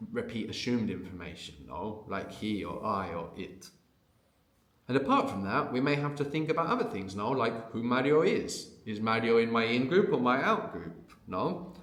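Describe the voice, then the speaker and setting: Teaching an unscripted audio language lesson, a man explains things in a patient, conversational way, frequently tossing in a questioning "no?" to check in. His voice is lowish and a bit bright, heard with a roomy sound.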